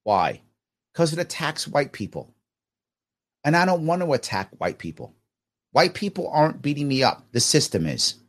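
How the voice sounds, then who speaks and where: A man's voice: on the high side, sing-song, moderate pace, long pauses. A man hosting a podcast, giving emphatic, opinionated commentary on listener comments with sarcastic asides.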